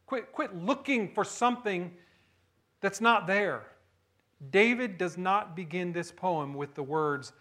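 A man preaching a sermon, animated, swinging from hushed low lines to loud high bursts and often asking the listeners "right?". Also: measured pace. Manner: asks the audience questions, frequent "right?". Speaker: pastor.

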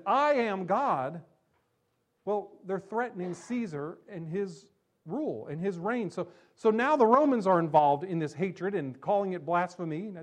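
A pastor preaching a sermon, emphatic, slowing down on key phrases and dropping low and soft when he quotes scripture.

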